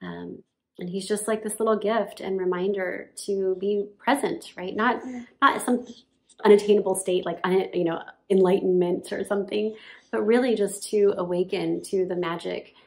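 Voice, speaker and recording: A woman's voice: medium pitch, fairly even intonation, normal speed, gravelly, a little mellow. A woman casually telling her birth story while nursing her baby at home, chatty and full of "like" and laughs. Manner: chatty, lots of "like", laughs often.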